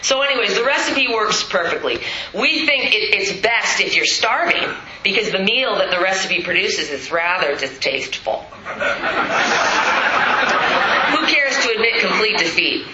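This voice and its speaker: A woman's voice: medium pitch, animated, a little slow. A woman speaking at a recovery meeting, telling her story with frank, profane, self-mocking humor. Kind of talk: candid storytelling talk. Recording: roomy hall, dull lo-fi sound, noisy.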